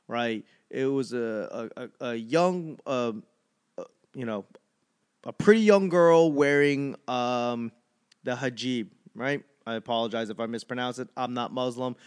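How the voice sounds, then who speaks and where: A man doing a rambling, animated stand-up comedy monologue, ranting with frequent fillers. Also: mid-range voice, clear, resonant tone.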